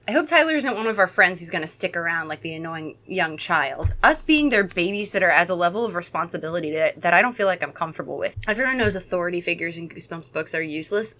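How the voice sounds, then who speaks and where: Bright-toned woman hosting a comedic book reading. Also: lowish voice, animated, fairly quick, hardly any pauses. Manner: sarcastic running commentary, playful asides. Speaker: host.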